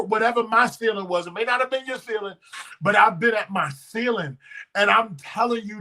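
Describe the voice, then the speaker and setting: High bright-voiced preaching man. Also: low-quality recording. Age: 30s. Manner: testifying, swings from hushed to shouting. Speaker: pastor. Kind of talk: emotional sermon.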